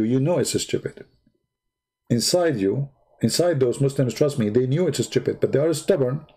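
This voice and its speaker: A man hosting a livestream, retelling a story in a mocking, animated way and speaking broken, non-native English. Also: breathy edge. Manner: mocking, animated storytelling with big pitch swings. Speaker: livestream host. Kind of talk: casual livestream commentary.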